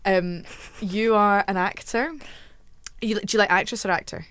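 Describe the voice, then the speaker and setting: A Scottish woman hosting a casual podcast chat, chatty and quick to laugh at herself. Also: medium pitch, steady tone, fairly bright tone, clear, resonant tone, dry recording. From Scotland. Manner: chatty, laughs often, self-mocking asides. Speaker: podcast host.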